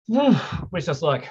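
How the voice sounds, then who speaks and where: A man's voice: on the high side, darkish tone, slightly rough. A man hosting a casual livestream, rambling as he reads viewer questions aloud and answers them. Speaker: livestream host. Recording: dull lo-fi stream audio.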